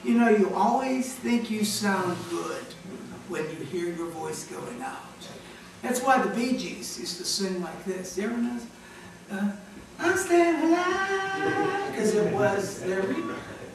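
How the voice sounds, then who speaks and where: Pastor preaching, slow and dramatic, high voice, from far off in a very echoey chapel with faint noise. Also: male voice. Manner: dramatic, swinging from loud emphatic bursts to hushed asides. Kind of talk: sermon.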